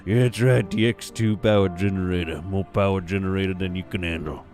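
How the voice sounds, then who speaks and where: A man putting on a gruff, folksy truck-commercial announcer with a rural drawl, booming out a hard sell as if from across the room. His voice sits low and rumbling. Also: fairly even intonation, fairly quick, darkish tone, soft background music, natural voice. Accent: rural country drawl.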